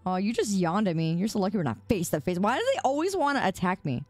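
Playful lively-voiced streamer woman. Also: mid-range voice, dry recording, soft background music. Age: 20s. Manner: playful, teasing banter, quick to laugh. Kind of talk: casual live-stream chat.

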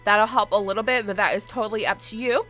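A young woman live-streaming a game, chatting casually, gushing and greeting her viewers in quick bursts, sometimes squealing with excitement. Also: medium pitch. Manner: squeals loudly when excited. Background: faint game music.

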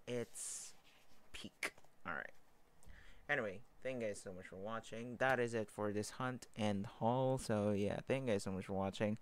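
A man excitedly gushing about manga panels in a casual vlog, slangy and laughing often. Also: on the low side, a little hiss or hum. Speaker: manga vlogger. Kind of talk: casual chat while flipping through manga.

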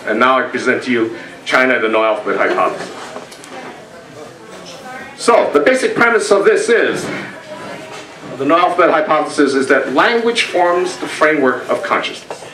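Older american man, talk to a meeting, bright tone, far from the mic, roomy echo. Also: on the high side. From United States. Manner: storytelling, with quoted voices and pauses. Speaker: speaker presenting a talk. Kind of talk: lecture to a meeting. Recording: echoey room, from far off.

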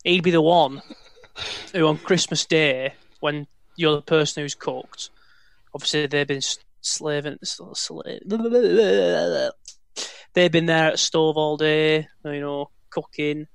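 Rambling panelist with a higher voice. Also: male voice, slow, vocal fry, clear, resonant tone, no echo. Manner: rambling, relaxed, repeats himself. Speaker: podcast panelist. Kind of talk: casual football podcast chat.

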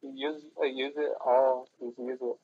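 A man of middle pitch making brief, mumbled, offhand comments while playing a game with a friend. The recording is muffled and lo-fi, with the sound dull and narrow. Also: level tone, moderate pace, a little hiss or hum. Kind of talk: casual gameplay chatter.

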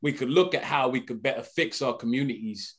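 A young UK actor sits in a radio studio as a morning-show guest, giving a casual interview full of earnest energy and repeated "man"s. He speaks briskly in a medium pitch.

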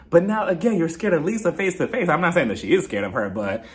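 A man's voice: fairly high pitch, big pitch swings, fast. A man casually recapping a reality TV episode in a gossipy, chatty way, full of fillers like "like" and "I mean".

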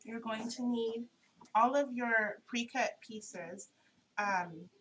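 A woman's voice: fairly high pitch, slow, a bit bright, a little hiss or hum, low-quality recording. A woman hosting a casual craft tutorial, showing her pieces in a chatty, homey way and correcting herself as she goes.

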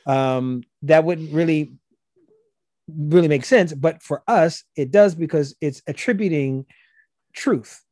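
A man with a Gullah Geechee accent talks on a podcast, explaining things in a relaxed, rambling way. His voice sits fairly high for a man but sounds dark and mellow, recorded dry and close. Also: slow, dry recording. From South Carolina, US. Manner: explanatory, loose and chatty, many fillers. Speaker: guest, language instructor. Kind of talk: casual podcast conversation.

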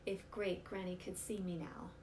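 A woman's voice: fairly low pitch, flat delivery, normal speed, darkish tone, lightly acted. Woman voicing a bossy rooster cook. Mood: eager. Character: bossy male rooster cook leading the team. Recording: roomy with faint noise.

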